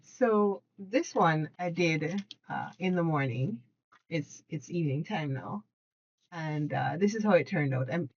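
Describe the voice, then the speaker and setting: A woman hosting a casual hands-on craft tutorial at her desk at home, chatty and excitable, laughing often and correcting herself mid-sentence. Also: low-pitched, muffled recording.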